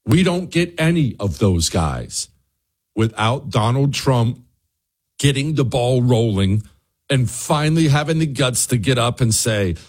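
A man's voice: medium pitch, big pitch swings, a little slow. A man hosting a talk radio show, giving a fired-up monologue and speaking directly to his listeners.

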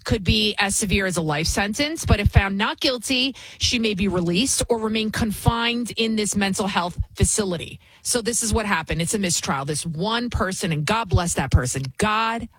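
A woman's voice: mid-range voice, normal speed, few pauses, a bit bright, slightly rough, dry recording, low-quality recording. A middle-aged woman hosting a talk show, giving indignant, emphatic commentary and repeating words for emphasis. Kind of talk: opinionated commentary.

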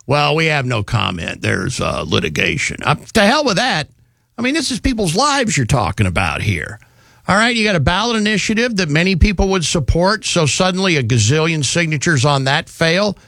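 A man's voice: on the high side, bright, forceful tone, no room sound. A male radio talk show host delivering an indignant, rambling, sarcastic opinion monologue on a studio microphone.

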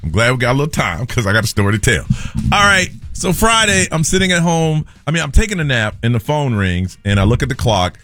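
A man, a morning radio host telling a story in an animated way and acting out the people in it. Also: medium pitch, fast talker. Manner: animated storyteller, acts out quoted voices.

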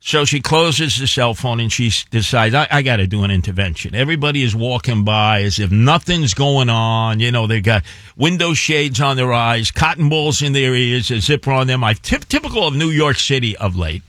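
A man's voice: mid-range voice, expressive, normal speed, fairly bright tone, dry recording, clean studio sound. A man on a talk show, telling a story in a rambling, emphatic way with asides.

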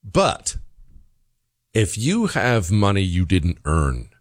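A man hosting an opinionated commentary show, talking in a sarcastic, animated way that swings between loud rants and low asides. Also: slow pace, no echo, clean studio sound. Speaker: host.

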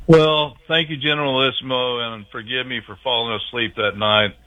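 A man's voice: mid-range voice, fairly even intonation, moderate pace, pushed and bright. A man calling in to a talk show, rambling in a folksy, wandering way. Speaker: regular caller. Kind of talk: comedic rambling call-in. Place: calling in by phone. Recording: tinny phone line.

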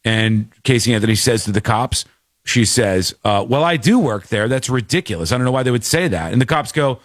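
A man's voice: medium pitch, a little fast, dry recording, studio quality. A man hosting a casual talk show, telling stories animatedly and acting out the people he quotes. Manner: animated storyteller, acts out quotes. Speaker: podcast host. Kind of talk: casual chat.

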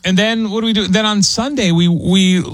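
A man's voice: high-pitched, steady tone, normal speed. A middle-aged man hosting a radio show, telling stories in casual chat and laughing easily. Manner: laughing easily, chatty storytelling. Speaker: radio host.

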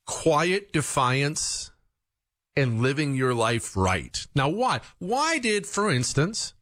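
A man talks straight to his audience in an opinion monologue, swinging his pitch up high for rhetorical questions and mock quotes. His voice sits close and dry on the mic, with no room around it. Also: fairly bright tone, no room sound. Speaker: political commentator.

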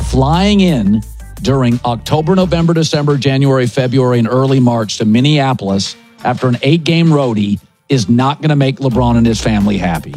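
A man's voice: medium pitch, expressive, normal speed, darkish tone, soft background music. A man hosting a sports talk show, riffing in short, punchy, emphatic phrases and strong opinions.

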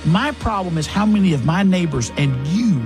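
A man's voice: high-pitched, animated, normal speed, music in the background. A man hosting a talk radio show, delivering an emphatic, sarcastic monologue and a live sponsor read. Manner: emphatic, sarcastic, rising to indignant peaks.

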